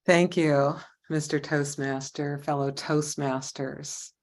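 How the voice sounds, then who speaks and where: A woman in her thirties tells a personal story as a prepared club speech. Her voice sits fairly low, and she brings the people in her story to life with animated quoted lines. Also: slow pace. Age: 30s. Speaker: Toastmasters speaker.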